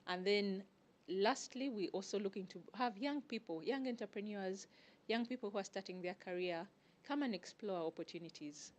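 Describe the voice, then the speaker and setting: A woman, a guest organizer answering interview questions in a measured, explanatory way with frequent pauses. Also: mid-range voice. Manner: measured, explanatory, pauses often to find words. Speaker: guest, networking group organizer.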